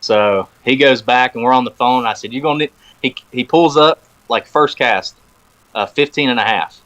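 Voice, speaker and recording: A man of middle pitch, talking easily as a guest on a podcast. He spins a long story, slips into the voices of the people he quotes, and laughs along as he goes. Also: moderate pace, dull audio. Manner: animated storyteller, acts out quoted phone talk. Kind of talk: casual storytelling chat. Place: podcast recording room.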